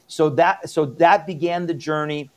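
A middle-aged pastor from Iran, a guest being interviewed, speaks a little slowly in a voice on the high side. He tells of his conversion, repeating himself earnestly and emphatically.

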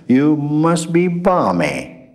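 Man doing a blunt, cheeky sailor, raised high. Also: slow pace. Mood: incredulous. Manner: incredulous, mocking.

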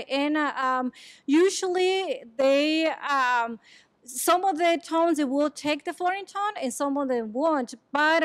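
A high-voiced woman from Mexico, a native Chatino speaker, answers questions after a conference talk. She explains in a halting way, often pausing to search for words. Her voice sounds close and dry, with little room. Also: no room sound. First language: San Juan Quiahije Chatino. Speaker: presenter answering audience questions. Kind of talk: academic conference Q&A. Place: lecture room.

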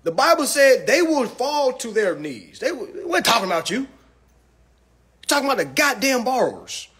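Drunk man ranting, husky high voice. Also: sing-song, normal speed, fairly bright tone. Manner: preachy and profane, keeps asking "all right?". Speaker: consumer finance commentator. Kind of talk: ranting monologue.

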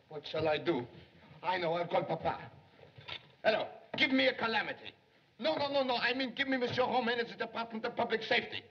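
An actor playing an eager, excitable young male police secretary who gets flustered and theatrical, in 1930s film acting. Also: sits high, breathy edge, full character voice. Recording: dull lo-fi 1930s film soundtrack.

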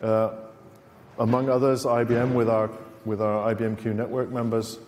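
A man's voice: medium pitch, flat delivery, normal speed, darkish tone, slight background noise. A middle-aged British man giving a technical conference lecture in a university lecture theatre, with dry sarcastic asides and many fillers. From Britain. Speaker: conference speaker. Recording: reverberant lecture hall.

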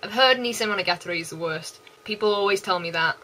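A young woman with a West Country English accent, chatting excitedly and gushing in repeats as an anime vlogger. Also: mid-range voice, quick pace, slight background noise, poor audio. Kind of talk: casual chat.

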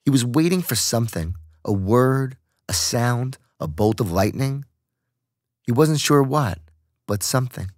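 Here a man reads aloud from an audiobook, calm and measured throughout. His voice is mid-range, captured in studio quality with no audible room.

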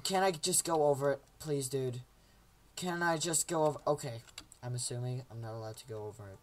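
A man's voice: mid-range voice, brisk, a little hiss or hum. A young man casually commentating a game he plays at home, joking around and doing silly voices for the characters. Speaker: gameplay commentator.

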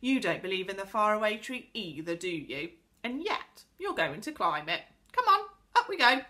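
A woman's voice: mid-range voice, big pitch swings, normal speed, sharp tone. A woman voicing a confident, teasing young boy in a storybook. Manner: teasing, knowing.

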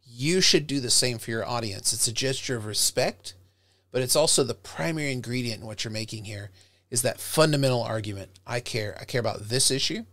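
A middle-aged man, a professor, giving an animated, direct lecture on public speaking to his students, recorded close to a webcam mic. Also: mid-range voice, brisk, no room sound. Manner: animated, direct, demonstrates tones by acting them out.

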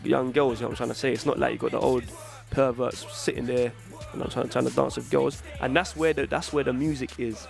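A man's voice: medium pitch, level tone, fairly quick, vocal fry, faint music behind. A young man from England, a rapper chatting casually in an interview, full of street slang and "you know what I'm saying". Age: young adult.

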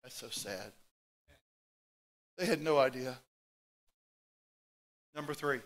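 A middle-aged man preaching a sermon as pastor, telling stories with animated swings from loud outbursts to hushed asides. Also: medium pitch, slow.

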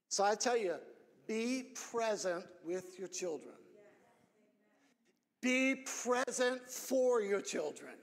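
High-voiced pastor preaching in a reverberant church. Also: male voice, animated, slow pace, pauses often. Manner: earnest, repeats phrases, builds to shouted emphasis. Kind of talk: sermon. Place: church sanctuary.

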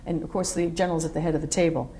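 A woman's voice: low-pitched, racing, slight background noise. A middle-aged woman, a military veteran, recalls her service in an oral history interview, telling stories with animation and acting out what others said. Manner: animated storyteller, acts out quotes, digressive.

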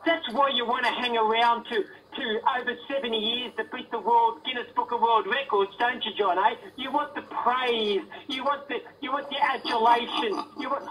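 A man's voice: very high-pitched, steady tone, moderate pace, few pauses, pushed and bright. A man, calling a talk radio show in a taunting, mocking way. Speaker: caller. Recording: distant radio recording with faint noise.

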